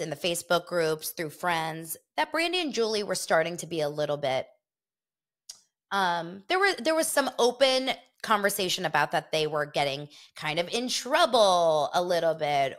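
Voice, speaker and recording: Woman, podcast host; loose gossipy chat, slightly low pitch, rambling delivery. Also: a bit bright. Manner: chatty, rambling, talks to listeners directly.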